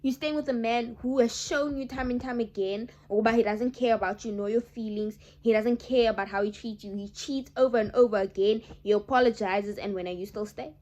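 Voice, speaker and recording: A woman's voice: a little high, a little fast, hardly any pauses, highs cut off. A young woman, chatting emphatically to her viewers in a vlog. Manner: emphatic, animated, addresses viewers as guys. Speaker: vlogger. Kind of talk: casual chat to camera.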